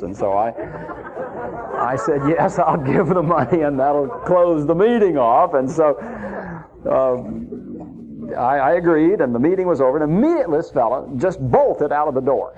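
A man's voice: mid-range voice, gravelly, darkish tone. A man preaching, telling a personal story in a folksy, chuckling anecdotal way. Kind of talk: sermon storytelling. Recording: dull lo-fi recording.

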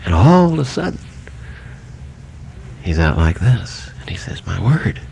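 A male preacher tells a humorous story in a folksy way, pausing often with fillers. His low voice is gravelly and swings widely in pitch. Faint noise sits under the voice. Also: big pitch swings. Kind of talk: sermon storytelling.

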